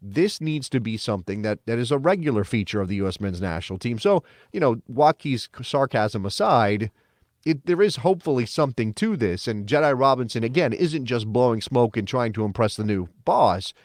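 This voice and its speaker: A man co-hosting a casual sports podcast, talking in an animated, emphatic and sarcastic way. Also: mid-range voice, brisk, dry recording, studio quality. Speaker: podcast co-host.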